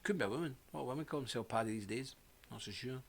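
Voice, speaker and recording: A man's voice: mid-range voice, fast talker, gravelly. A man hosting a live stream, telling a rambling anecdote and greeting viewers by name in a casual, chatty way.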